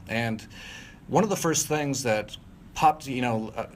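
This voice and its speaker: A man's voice: mid-range voice, lively intonation, unhurried, slight background noise. A middle-aged man recounting a personal story as an interview guest, rambling with many fillers and restarts and breaking into short laughs. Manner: rambling, frequent fillers and self-corrections, laughs mid-sentence. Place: at home.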